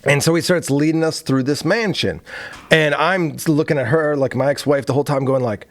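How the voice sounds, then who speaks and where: A man as a podcast guest, telling a story in a casual, animated way, swearing freely and acting out his own panic. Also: fairly high pitch, moderate pace.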